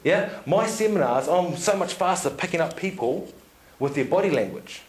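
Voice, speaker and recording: Animated New man, high voice. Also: normal speed, slight background noise. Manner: animated storyteller, laughs often, tag questions. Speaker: seminar speaker. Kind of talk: casual talk to an audience. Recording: echoey room.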